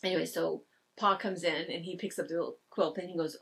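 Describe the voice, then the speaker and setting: A woman's voice: fairly low pitch, fairly even intonation, fast talker, vocal fry, a bit bright, slightly rough, recorded from a distance. Chatty woman telling a shop story. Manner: chatty storyteller, laughs often. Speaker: quilt shop co-host. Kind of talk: casual chat.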